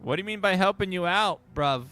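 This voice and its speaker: A man putting on a squeaky mock-British wanderer. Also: fairly quick, pushed and bright, smooth, soft background music. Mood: bumbling. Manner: hesitant, stumbling, overdone. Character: confused bumbling male wanderer.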